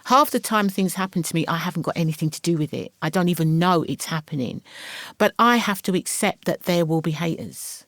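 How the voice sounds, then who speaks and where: A middle-aged English woman, a podcast guest, talking in a lively, storytelling way and acting out the voices she quotes. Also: fairly low pitch, a little fast, dry recording, clean studio sound. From England. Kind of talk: casual interview chat.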